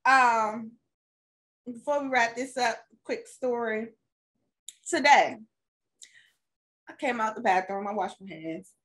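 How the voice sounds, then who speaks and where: A woman's voice: on the high side, slow, long pauses. A woman co-hosting a podcast, telling a casual family story with frequent laughs. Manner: laughs often, relaxed storyteller. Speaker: podcast co-host; mother and stepmother.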